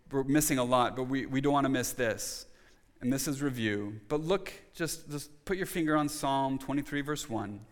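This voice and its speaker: A man's voice: a little high, big-room sound. A man preaching a sermon as a pastor, asking his congregation rhetorical questions and restarting his phrases as he stresses his points.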